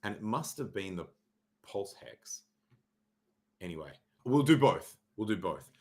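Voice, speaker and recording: A man's voice: fairly low pitch, very animated, unhurried, long pauses, a little mellow. Sarcastic man streaming chart talk. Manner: sarcastic, mock-dramatic, swears freely, frequent throat clearing. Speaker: livestream host reviewing crypto charts. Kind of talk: casual livestream chart talk.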